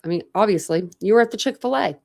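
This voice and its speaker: Fast and lively in intonation, her mid-range voice carries vocal fry. She is a young woman from Ohio hosting a true crime livestream, loosely chatting and greeting viewers around her retainer. Her talk rambles, with many "like" fillers.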